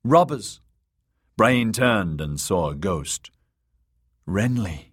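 Male audiobook narrator, low voice, husky, expressive pitch, measured telling. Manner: measured storytelling.

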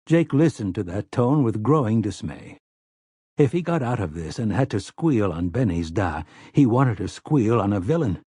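A man narrating an audiobook in a steady, measured storytelling manner. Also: lowish voice, breathy edge, no echo, clean studio sound. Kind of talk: scripted narration.

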